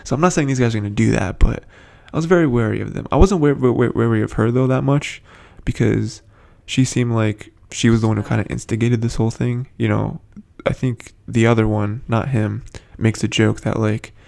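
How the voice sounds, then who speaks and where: A man's voice: medium pitch, fairly quick, creaky, hardly any pauses, dark tone. A man giving a casual, rambling recap of a TV episode, full of fillers and restarts, with the odd chuckle. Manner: chuckles between points. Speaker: show commentator.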